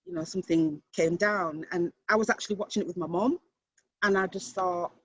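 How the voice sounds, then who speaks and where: Woman panelist, casual stream chat, reflective and earnest, slightly breathy, muffled sound. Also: lowish voice, fairly quick, no room sound. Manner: earnest, reflective, thinking aloud. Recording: dull lo-fi stream audio.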